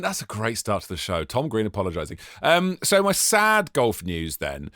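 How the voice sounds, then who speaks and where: Male co-host, animated storyteller, lowish voice, very expressive, dry studio mic. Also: moderate pace, no echo. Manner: animated, jokey, exaggerated storytelling. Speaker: podcast co-host. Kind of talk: casual chat.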